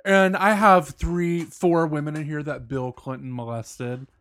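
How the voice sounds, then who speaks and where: A man's voice: fairly high pitch, steady tone, unhurried, fairly bright tone, no echo. A man co-hosting a casual podcast, blunt, profane and sarcastic. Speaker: podcast co-host.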